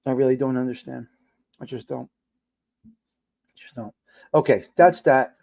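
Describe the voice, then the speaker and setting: Middle-aged male livestream host, exasperated ranter, loud bursts and quiet mutters. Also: medium pitch, moderate pace, creaky. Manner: animated, exasperated ranting with swearing. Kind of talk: casual livestream talk reacting to chat.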